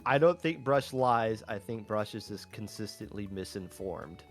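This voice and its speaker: A man's voice: fairly low pitch, lively intonation, moderate pace, soft background music. A man casting a live tournament stream with easygoing, joking banter. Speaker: esports commentator.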